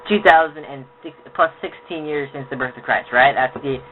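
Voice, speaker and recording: A man's voice: a little high, normal speed. A man hosting a podcast in casual chat, rambling with many restarts. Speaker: podcast host. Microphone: audio podcast. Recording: tinny lo-fi phone-like sound.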